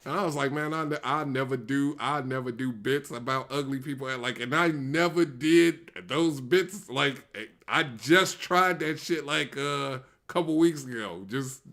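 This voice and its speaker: A man's voice: mid-range voice, normal speed, few pauses. A man, a comedian, casually telling a story about his early stand-up days and laughing often. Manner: animated, laughs through his stories. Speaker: comedian co-host.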